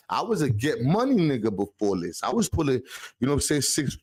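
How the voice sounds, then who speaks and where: A man's voice: on the low side, sing-song, fast talker, a little mellow, slightly rough, dry recording. A man, a podcast guest telling a long personal story in heavy street slang, checking in with "you heard?". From the Bronx, New York. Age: 40s. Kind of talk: casual storytelling.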